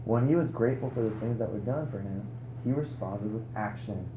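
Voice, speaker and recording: A young man preaching a sermon at a conference, telling a story with lively rhetorical questions. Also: lowish voice, brisk, highs cut off, background noise. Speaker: conference speaker. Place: conference hall. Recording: roomy hall echo.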